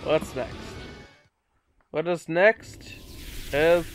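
A teenage boy casually commenting on his video game play, goofy and excitable, swearing and breaking into silly shouts. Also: on the high side, unhurried, pauses often. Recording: loud game music under voice. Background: video game music.

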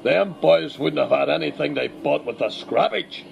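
A man doing a gravelly old Northern Irish preacher. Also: fairly high pitch, lively intonation, moderate pace, highs cut off, slight background noise. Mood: gruff. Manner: gruff, crude and sarcastic. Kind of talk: radio comedy sketch impression.

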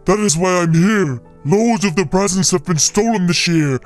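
A man's voice: high-pitched, moderate pace, faint music behind, natural voice. A man voicing a worried older Santa Claus in a game video, talking in a fretful, earnest way.

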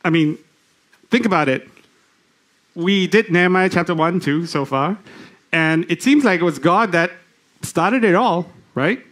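A man delivering a church sermon in a slightly high voice. He talks to the congregation with questions and halting restarts. He reads scripture aloud slowly. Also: lively intonation, fairly bright tone. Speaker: lay preacher.

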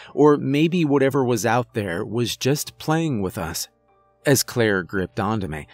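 A man narrates a first-person horror story in a measured, suspenseful voice of middling pitch. The recording is dry and close. Faint music plays underneath. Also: no echo.

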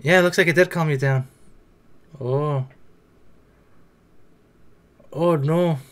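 Excitable higher-voiced man reacting to anime. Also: slow pace. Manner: excitable, swearing, blurts reactions. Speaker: anime reaction video creator. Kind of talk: casual anime reaction commentary.

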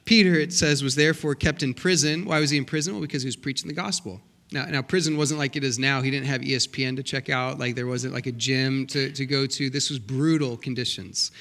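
Man, middle-aged, guest pastor, sermon, high voice, animated storytelling, church stage mic. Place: church sanctuary.

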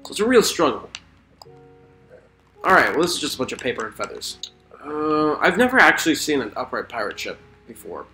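A man giving excitable let's play commentary while gaming, swearing and talking to the creatures in the game. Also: mid-range voice, fast talker. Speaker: gamer. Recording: roomy echo with faint music.

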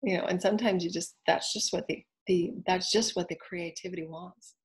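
A woman spiritual teacher giving an inspirational talk, speaking in earnest, flowing phrases and soft repeated affirmations. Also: lowish voice, fairly even intonation, a little fast, breathy edge. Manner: earnest, flowing, at times whispered.

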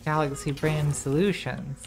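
A woman's voice: deep voice, fairly even intonation, unhurried, gravelly, music in the background. A woman streamer giving casual, rambling commentary while playing a game, distracted and swearing as she talks to herself.

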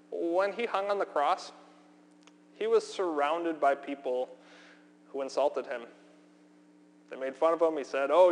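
A man preaching a sermon as pastor, earnest and emphatic, slowing down with deliberate pauses for weight. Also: fairly high pitch. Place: church sanctuary. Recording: long hall reverb, faint hum.

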